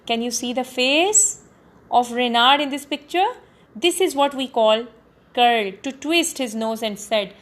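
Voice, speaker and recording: Slow-talking woman teacher explaining a poem. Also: sits high. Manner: explains words step by step with many fillers. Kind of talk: classroom poetry lesson.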